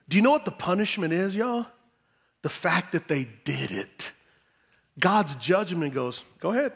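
A male pastor preaching a sermon with great energy, repeating words for emphasis and swinging between loud exclamations and hushed tones. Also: fairly high pitch, slightly rough, in a large hall.

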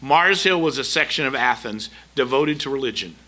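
A middle-aged man preaches from the pulpit in a very bright, forceful voice. He drives his points home with repeated rhetorical questions and an earnest, emphatic delivery. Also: mid-range voice, expressive, moderate pace. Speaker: pastor. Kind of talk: sermon. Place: church sanctuary.

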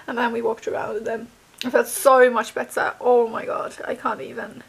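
A young woman vlogging casually while sick with a fever, talking softly and often dropping to a whisper. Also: fairly high pitch, little pitch movement, fairly quick, vocal fry, breathy edge. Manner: soft, tired, often drops to a whisper. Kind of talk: casual vlog chat.

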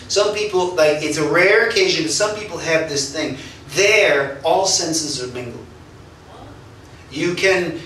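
High, bright-voiced male pastor, echoey hall. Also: slight background noise. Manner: animated, laughing often while telling stories. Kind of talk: sermon with personal storytelling. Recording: echoey church hall, mic at a distance.

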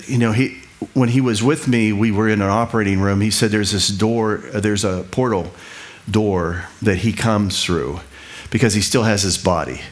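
Conversational middle-aged male preacher. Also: on the low side. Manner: conversational, repeats himself, quick asides and laughs. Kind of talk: sermon teaching.

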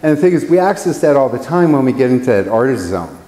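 Talking fast with a warm, medium-pitched voice and big swings in pitch, a man teaches painting loosely, spinning anecdotes and performing the quotes. The room gives off a spacious hall reverb.

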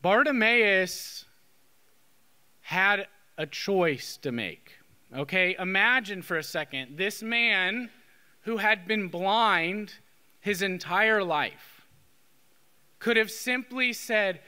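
A man preaching a sermon with a high, bright voice that carries a long, ringing church reverb. He keeps it conversational and often tosses in a quick "okay?" to the congregation. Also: big pitch swings, clean tone. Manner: conversational, with frequent "okay?" tag questions. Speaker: Catholic priest.

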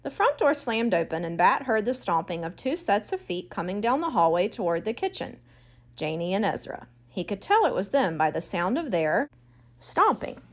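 A woman reads a children's audiobook aloud, using a clear and expressive storytelling voice. Her pitch is medium and her pace normal.

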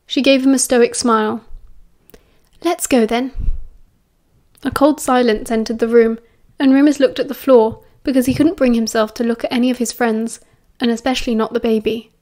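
A woman with a British accent narrating an audiobook in a calm, even storytelling manner. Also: on the high side, a little fast.

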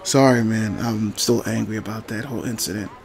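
A man's voice: fairly low pitch, fairly even intonation, brisk, gravelly, slight background noise. A man commentating a video game playthrough with goofy mock-angry outbursts and apologies. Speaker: gameplay commentator. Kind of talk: let's play commentary.

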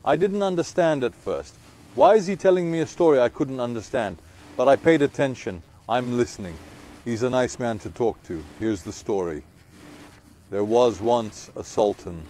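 A man's voice: medium pitch, expressive, normal speed, warm tone, slight background noise. Man telling a spiritual story.

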